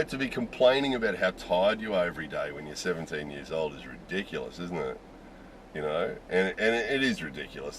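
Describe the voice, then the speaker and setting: A man's voice: sits low, fairly bright tone, a little hiss or hum, poor audio. A middle-aged man with an Australian accent, talking casually and candidly to camera, rambling with lots of "you know"s. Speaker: video host. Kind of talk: casual opinion talk.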